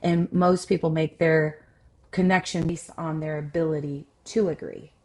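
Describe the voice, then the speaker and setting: A woman with a notably low-pitched voice speaks as a relationship coach and podcast host. She is loud and expressive, telling personal stories in a candid, conversational way. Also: moderate pace.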